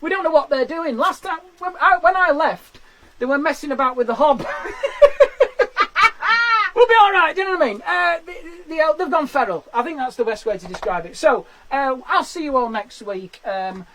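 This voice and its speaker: A male stand-up comedian with an extremely high, expressive voice chats and laughs through the end of his live-streamed show, performing into a webcam from a garden shed. He speaks at normal speed, pokes fun at himself, and laughs at his own jokes over a noisy background.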